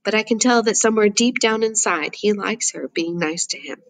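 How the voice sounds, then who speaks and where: A woman narrating a first-person novel in a steady, measured reading voice. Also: medium pitch, no echo, rough recording. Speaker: audiobook narrator.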